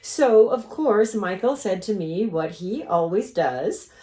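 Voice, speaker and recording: A woman's voice: mid-range voice, lively intonation, slow pace, dark tone, reverberant. A woman artist hosting a casual studio tutorial, chatting her way through her process with rambling asides. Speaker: collage artist and channel host. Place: art studio.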